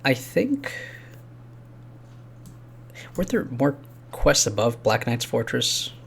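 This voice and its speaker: A man's voice: mid-range voice, very animated, slow, vocal fry, fairly bright tone, slight background noise. Casual male game host, thirties, talks in loose trailing phrases with fillers. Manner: rambling, chuckling, trailing off into fillers. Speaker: game host recording a quest playthrough. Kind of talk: casual gaming chat.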